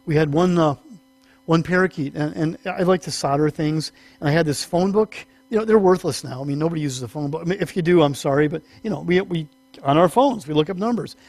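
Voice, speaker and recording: A male pastor with a high, light voice preaches in a relaxed, story-driven way, joking with his congregation between points. The sound is dry and close, with a faint mains hum underneath. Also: brisk, no room sound. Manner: chatty storytelling with humorous asides; animated, acts out small voices in stories. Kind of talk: sermon teaching.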